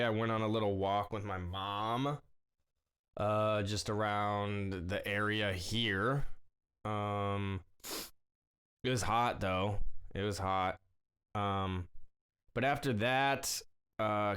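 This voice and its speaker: Slow, smooth-voiced man hosting a podcast. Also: on the low side, fairly bright tone. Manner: slow, halting, emotional talk with many fillers. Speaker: podcast host. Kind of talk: casual solo podcast monologue.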